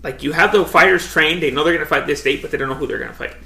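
A man's voice: on the high side, rapid-fire, creaky, pushed and bright. A young man co-hosting a podcast in casual chat, laid-back, swearing freely and saying "dude" all the time. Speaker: podcast co-host. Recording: echoey room.

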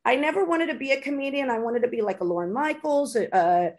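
A woman hosting a podcast, gushing and excitable, talking fast with many fillers and restarts. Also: high voice. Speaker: podcast host. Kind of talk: casual podcast chat.

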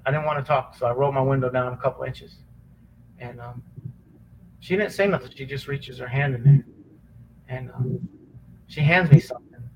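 Close to tears, a middle-pitched man from the Chicago area, a former cop appearing on a podcast, shares a deeply personal story, stopping, restarting and pausing often. His testimony is earnest and emotional. The audio is poor, with a faint hiss beneath his voice.

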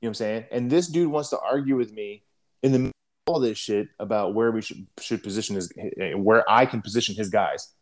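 Young adult man, lowish voice, casual profane storyteller, throat-clearing habit. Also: brisk. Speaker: guest telling a war story.

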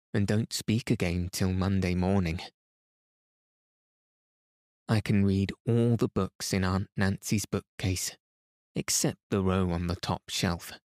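A man reading a classic novel aloud as a calm bedtime story, gentle and even. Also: low-pitched, no echo, clean studio sound. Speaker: podcast reader.

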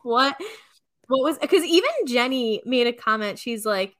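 A woman's voice: fairly high pitch, expressive, measured pace. A woman co-hosting a podcast, chatting casually and animatedly, laughing often and acting out other people's lines. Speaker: podcast co-host. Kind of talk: casual chat recapping reality TV.

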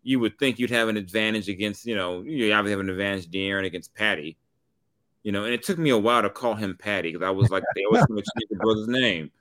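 A man co-hosting a sports talk show, rambling and animated, with many restarts. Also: fairly low pitch, fast, no echo. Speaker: sports radio co-host.

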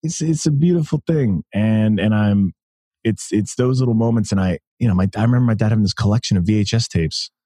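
A man in his thirties from the United States, a podcast guest telling stories in a rambling, animated way and laughing often. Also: deep voice, dry recording, studio quality. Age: 30s. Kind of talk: casual interview chat.

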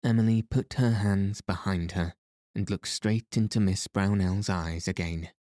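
A man narrating a novel as an audiobook in a measured, even reading voice. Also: low voice, dry recording, studio quality. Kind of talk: scripted narration.

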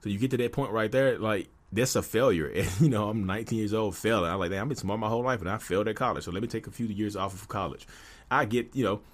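A podcast host in his thirties tells a personal story in a candid, conversational monologue full of "you know" fillers. He talks fast in a lowish voice.

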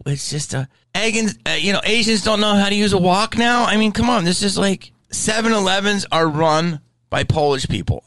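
A man's voice: high voice, a bit bright, no echo, low-quality recording. A middle-aged man in casual chat, rambling and profane, with many restarts.

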